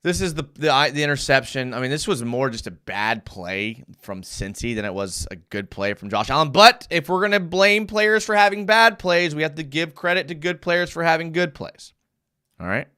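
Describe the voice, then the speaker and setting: This young host of a live fan show picks apart game film with lots of energy, getting riled up easily over viewer comments. His voice leans high, with a clean tone and a moderate pace.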